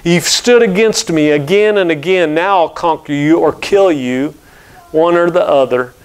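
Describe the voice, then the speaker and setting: A man's voice: on the high side, takes it slowly. A man reading as Legree, cruel raging slave master. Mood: menacing. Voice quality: menacing, scornful. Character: cruel, raging male slave owner, middle-aged.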